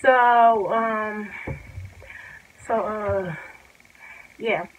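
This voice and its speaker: A woman's voice: medium pitch, very slow, a little hiss or hum, rough recording. A young woman telling a casual storytime vlog, rambling and chatty with lots of filler words. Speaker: vlogger.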